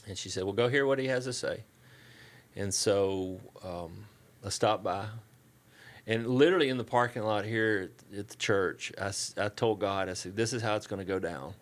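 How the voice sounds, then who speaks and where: A middle-aged Southern man with a fairly low voice tells stories in a podcast interview. He is easygoing and folksy, and he acts out the voices of the people in his stories. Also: moderate pace. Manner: relaxed, folksy anecdotes with quoted dialogue. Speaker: church staff guest. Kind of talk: casual storytelling interview.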